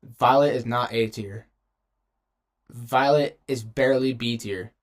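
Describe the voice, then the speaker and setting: Speaking slowly in a mid-range voice, a young man works through a casual tier list of game characters for his gaming videos. His delivery rambles, is slangy, and keeps interrupting itself.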